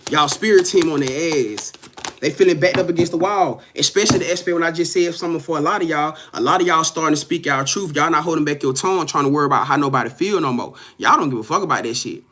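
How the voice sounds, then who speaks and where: Speaking fast in a high-sitting, fairly bright voice over slight background noise, this tarot card reader addresses his live-stream viewers directly. He's profane and emphatic, says things more than once, and laughs a lot during the casual reading.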